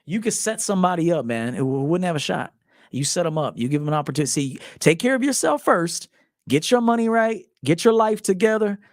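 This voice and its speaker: A man in his forties, a men's life coach, telling stories in a profane, animated casual monologue, acting out quotes. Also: high-pitched, fairly quick, no echo, studio quality. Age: 40s. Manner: profane, animated storytelling with acted quotes and laughs.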